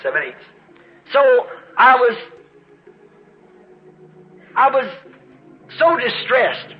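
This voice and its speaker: A man's voice: very high-pitched, big pitch swings, extremely slow. A man preaching a sermon and telling a personal story to his congregation, rambling and earnest, calling out to people in the pews. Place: church before a congregation. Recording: dull lo-fi recording.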